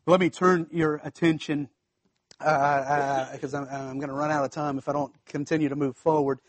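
High-voiced man preaching a conversational sermon. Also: fairly even intonation, moderate pace. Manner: conversational preaching with asides and restarts. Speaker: pastor.

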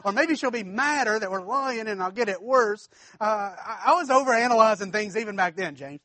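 A man's voice: high-pitched, expressive, brisk, pushed and bright, no room sound. A man preaching a storytelling sermon, folksy and chuckling, talking straight to the congregation.

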